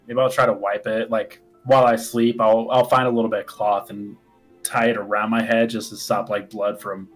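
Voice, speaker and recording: A man's voice: lowish voice, little pitch movement, normal speed, soft background music, poor audio. Een man die losjes en aarzelend zijn acties beschrijft in een rollenspel, met zachte muziek erachter. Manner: casual, rambling and hesitant. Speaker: player. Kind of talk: casual tabletop play.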